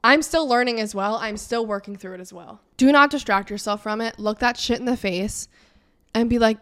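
A woman's voice: a little high, moderate pace, clean tone. A young woman hosting a self-help podcast, giving frank, casual advice with a lot of swearing and acting out the lines she imagines saying. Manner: frank, profane, animated, acts out imagined dialogue. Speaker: podcast host and life coach.

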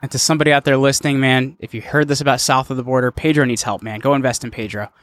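A man's voice: medium pitch, fairly even intonation, rapid-fire, a bit bright. A man hosting a podcast interview, chatty and friendly, often calling his guest "man.". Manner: friendly, says "man" a lot. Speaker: podcast host. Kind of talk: casual interview chat.

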